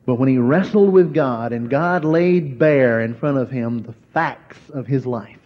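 A man preaching a sermon. He slows down to stress key words and drops to a hushed voice when he tells a story. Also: mid-range voice. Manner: slow, emphatic preaching that drops to a hushed voice for stories. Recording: dull lo-fi recording.

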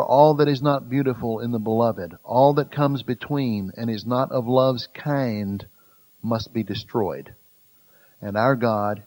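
A man teaching a Bible study in an earnest way, growing louder and slower to stress key phrases. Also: fairly low pitch, low-quality recording.

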